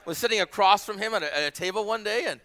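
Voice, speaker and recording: A man's voice: high-pitched, fast, sharp tone. A man in his forties, a pastor, preaching a sermon in a conversational way, with asides and quoted dialogue. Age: 40s.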